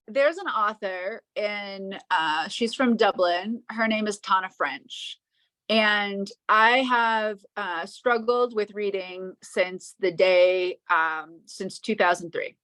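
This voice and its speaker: A woman guest on a podcast, talking in an emotional, halting way with many restarts. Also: mid-range voice, fairly bright tone, no room sound. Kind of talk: casual interview chat.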